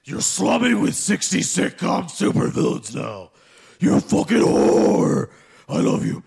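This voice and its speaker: A man voicing a jealous, hotheaded male caped crusader who leaves ranting, swearing voicemails in a very gravelly growl. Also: high voice, sing-song, slow pace, darkish tone, exaggerated voice. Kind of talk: comedy voicemail sketch.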